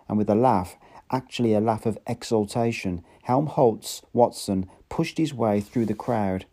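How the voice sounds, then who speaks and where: A man's voice: fairly low pitch, unhurried, mellow. A man narrating an audiobook in an unpolished reading with occasional slips and restarts.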